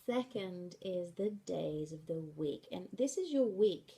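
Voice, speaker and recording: A woman teaching a sign language class in a slow, patient way, often checking in with "okay". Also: lowish voice, expressive, gravelly, warm tone. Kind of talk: classroom lesson.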